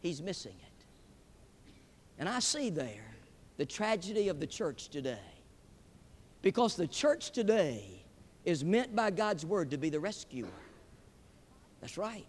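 A man preaches in a large hall before a live audience. His voice sits very high and moves a great deal in pitch. Long reverb trails behind every phrase. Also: lively intonation, moderate pace. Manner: emphatic, swinging between loud peaks and hushed drops. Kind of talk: sermon.

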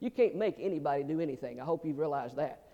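Male pastor with a high voice, rapid, joking folksy sermon delivery and echoey hall sound. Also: lively intonation, dark tone, muffled recording. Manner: folksy, joking, quick asides, repeats words. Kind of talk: sermon with humorous stories.

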